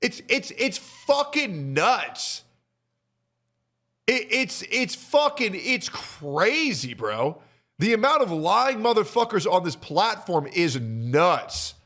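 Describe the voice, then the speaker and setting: A man's voice: high voice, big pitch swings, slow pace, pushed and bright. A man streaming and reacting to a video, ranting crudely and sounding exasperated.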